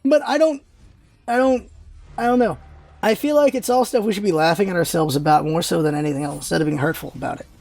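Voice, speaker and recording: An American vlogger talking casually and rambling, jumping high in pitch when exasperated. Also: fast, gravelly, a little mellow, no echo. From United States. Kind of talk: casual opinion vlog.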